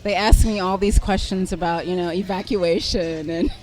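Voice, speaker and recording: A middle-aged woman telling a personal story as a podcast guest, animated and self-deprecating, laughing often as she talks. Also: on the low side, normal speed. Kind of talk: conversational storytelling.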